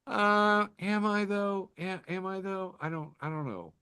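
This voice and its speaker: A man hosting a casual podcast over a call, reading memes aloud, laughing often and swearing, quick to poke fun at himself. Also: sits high, sharp tone, clear, resonant tone. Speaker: podcast host. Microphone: remote call mic.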